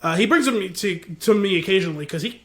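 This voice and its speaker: A man co-hosting a podcast, telling a rambling, animated story with laughter over a remote call. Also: sits high, fast. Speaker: podcast co-host. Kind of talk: casual chat. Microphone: video call.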